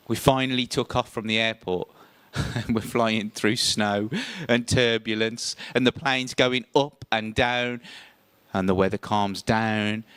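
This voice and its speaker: A man telling a first-person story on stage, lively and theatrical, his voice rising sharply when he acts out tense moments. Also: on the low side, smooth, no echo. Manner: animated, voice jumps up when acting out scenes.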